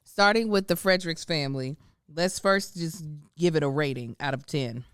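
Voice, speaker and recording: Lively woman host with a smooth, dry voice. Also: low-pitched, moderate pace, no room sound. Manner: lively, teasing and laughing. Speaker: podcast host. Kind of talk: casual chat.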